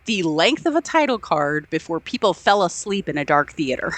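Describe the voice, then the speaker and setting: A woman's voice: on the low side, sing-song, moderate pace. A woman co-hosting a podcast, enthusiastically retelling film scenes with acted-out quotes and frequent laughter. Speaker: podcast co-host. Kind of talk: casual film discussion.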